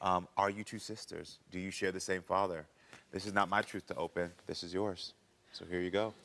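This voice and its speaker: A man hosting a talk show, asking guests gentle, probing questions in a television studio. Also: low-pitched, fairly even intonation, a little fast.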